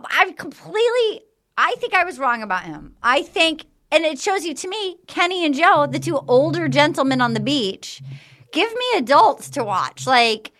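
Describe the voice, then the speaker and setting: A woman hosting a podcast, chatting excitedly and recapping scenes in a casual way. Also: high-pitched, moderate pace. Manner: chatty and excitable, recounts scenes with quoted voices. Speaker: podcast host. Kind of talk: casual chat recapping a reality show.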